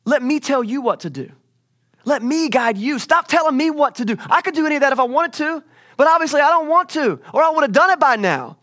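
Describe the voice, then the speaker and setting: A man's voice: very high-pitched, animated, a little fast, a bit bright, pitched above the performer's own voice. A man voicing God as an impatient figure who scolds people for giving orders instead of listening. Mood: exasperated. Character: exasperated almighty God scolding his people.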